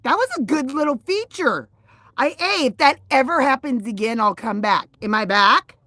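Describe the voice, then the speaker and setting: A woman telling a story on a casual livestream, animated and profane, swinging from loud outbursts to quiet asides. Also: high-pitched, normal speed, dry recording.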